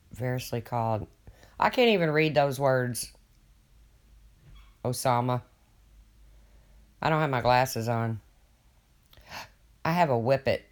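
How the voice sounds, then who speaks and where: An older man rambling casually to viewers on his livestream, folksy and swearing freely as he reads their comments. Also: medium pitch. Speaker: livestream host.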